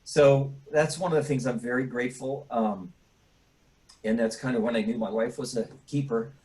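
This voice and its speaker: A middle-aged man, a grieving father, speaking in a halting way with many pauses and restarts, choked up and tearful at times. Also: medium pitch, steady tone, a little mellow, rough recording. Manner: halting, full of fillers and restarts. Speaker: bereaved father. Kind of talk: emotional personal interview.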